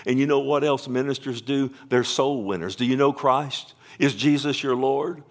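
A man in his fifties preaching a sermon, rambling with restarts, then building to loud, emotional proclamation and pleading. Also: mid-range voice, moderate pace, hardly any pauses. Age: 50s. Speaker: pastor. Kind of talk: sermon with altar call.

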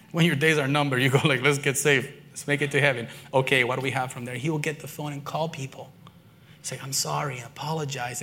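A man's voice: medium pitch, slight background noise. Earnest man preaching a testimony. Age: adult, father and son-in-law. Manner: earnest storytelling, swinging between quiet and excited. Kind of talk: sermon testimony.

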